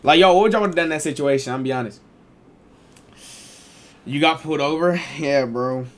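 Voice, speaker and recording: A young adult man streamer telling a casual storytime, animated, slangy and profane. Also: fairly high pitch, brisk.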